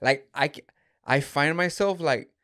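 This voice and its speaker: A man's voice: fairly high pitch, unhurried, bright, forceful tone, dry recording, clean studio sound. A man from Los Angeles, a comedian, chatting casually on a podcast in a laid-back, slangy way. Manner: laid-back, slangy, says bro often. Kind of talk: casual chat.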